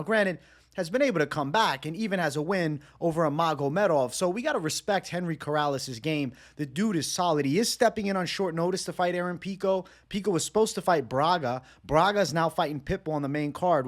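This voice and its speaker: A man giving a casual solo breakdown of fight picks and betting odds, energetic and slangy in a conversational way. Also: on the high side, a little fast. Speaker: MMA betting analyst.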